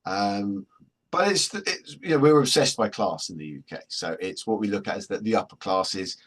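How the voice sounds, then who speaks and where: A man with a husky voice, presenting a workshop in a chatty, joking storytelling way. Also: fairly low pitch, lively intonation, normal speed. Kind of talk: anecdotal workshop talk.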